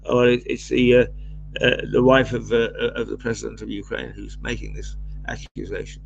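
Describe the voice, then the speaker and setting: A man with a croaky voice, co-hosting a casual news review and pausing often with fillers and restarts. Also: mid-range voice, little pitch movement, lo-fi sound, a little hiss or hum. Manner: hesitant, many fillers and restarts. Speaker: co-host reading newspaper headlines.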